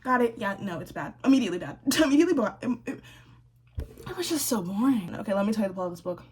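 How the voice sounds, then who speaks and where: A young woman in a casual, sassy book-review rant, chatty and laughing often, with a slightly husky voice. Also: mid-range voice, expressive, quick pace, slight background noise. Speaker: book vlogger.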